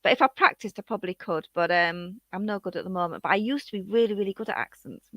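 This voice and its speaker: A woman with a bright, forward voice chats casually on her livestream. She talks to viewers in a relaxed, friendly way. The sound is dry and close, with no room around her. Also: medium pitch, quick pace, no echo. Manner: chatty, warm sign-offs to viewers. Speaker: livestream host. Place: at home, late at night.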